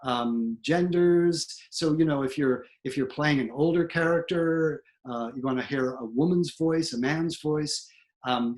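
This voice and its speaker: Man explaining accent study to actors. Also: medium pitch. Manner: explanatory, with fillers and repeated words. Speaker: theatre professor. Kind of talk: instructional talk.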